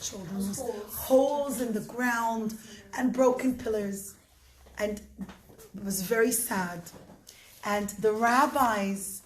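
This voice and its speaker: A woman narrates a story for children, her high voice full of expressive, dramatic pacing. The room around her gives a noticeable echo, and a faint hiss sits underneath. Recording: roomy echo, faint noise.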